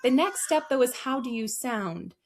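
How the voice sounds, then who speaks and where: A woman who trains customer service staff, answering interview questions in an energetic, emphatic coaching tone. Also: on the high side, normal speed.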